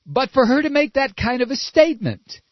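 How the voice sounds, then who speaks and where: A man's voice: very high-pitched, sing-song, moderate pace, no echo, dull audio. A man hosting a talk radio show, ranting with sarcasm and indignation and mocking the people he talks about. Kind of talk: ranting political commentary.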